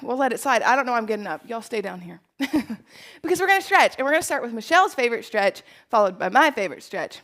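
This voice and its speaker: A woman with a somewhat high voice coaches a live workout class in an indoor space. She is upbeat and encouraging and laughs often between cues. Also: very animated, quick pace, a bit bright, rough recording. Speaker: fitness instructor.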